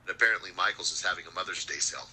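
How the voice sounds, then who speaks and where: A man's voice: sits low, racing, sharp tone, a little hiss or hum, poor audio. A man teaching an EMT review class in a chatty way, quizzing his students. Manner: chatty, asks the class questions. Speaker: EMT instructor.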